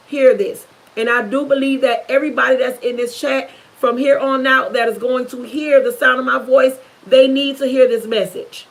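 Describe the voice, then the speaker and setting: A young woman with a high voice speaks straight to her viewers about something painful from her past. She is earnest and intense, circling back over the same words to drive them home. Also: low-quality recording. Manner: earnest, repetitive, intense storytelling. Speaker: vlogger. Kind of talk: emotional personal testimony to camera.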